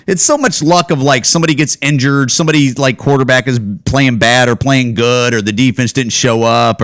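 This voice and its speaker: A man's voice: medium pitch, a bit bright, clean tone. A man in his forties hosting his own podcast alone, rambling and swearing heavily as he rants about football. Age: 40s. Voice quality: profane, rambling, heated. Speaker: podcast host. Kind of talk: casual solo podcast rant. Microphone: home camera setup.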